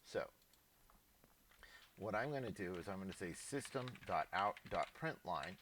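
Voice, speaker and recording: A man with a fairly low but bright, forward voice walks through code in a relaxed screen-recorded lesson. He talks informally, thinking aloud and restarting sentences. Faint keyboard typing and clicks sit under his voice. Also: measured pace, a little hiss or hum. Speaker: programming teacher.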